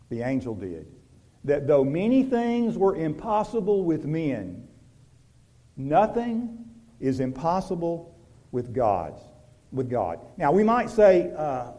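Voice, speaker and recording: A pastor delivers a sermon in a high-pitched voice, swinging between loud, emphatic lines and soft, hushed ones while using rhetorical questions and repetition.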